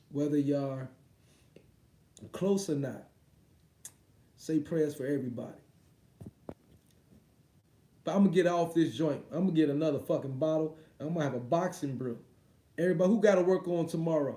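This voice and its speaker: A man from the United States hosts a boxing livestream, ranting casually in a profane, rambling style full of repeats. His voice is a little high with a dark tone, and the recording has a roomy echo.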